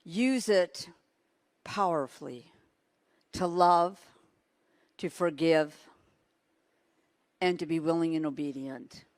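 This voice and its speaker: A woman preaching a sermon, telling stories in an animated way and laughing now and then. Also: low voice, takes it slowly, long pauses, no echo. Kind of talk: sermon with storytelling.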